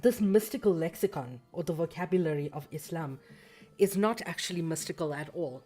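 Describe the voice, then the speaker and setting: Low-voiced woman musing on a livestream. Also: brisk, warm tone, soft background music. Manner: thoughtful, with fillers and self-corrections. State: scratchy throat. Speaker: livestream host reading a book aloud. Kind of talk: casual livestream book commentary.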